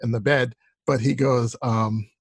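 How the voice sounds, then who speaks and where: Husky-voiced male host. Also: medium pitch, steady tone, measured pace, no room sound. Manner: laughs easily, loose rambling delivery. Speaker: podcast host. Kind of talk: casual interview chat.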